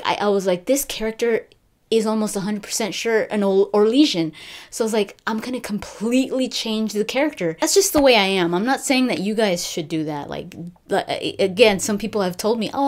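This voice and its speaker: A woman vlogger talking casually about gaming news, chatty and animated, with many fillers and restarts. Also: lowish voice. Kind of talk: casual chat.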